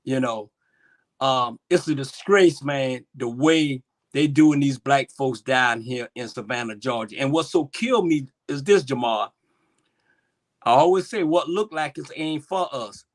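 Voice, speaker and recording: A man on a casual live-stream talk show, emotional and impassioned, his voice swinging between loud and soft. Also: mid-range voice, measured pace.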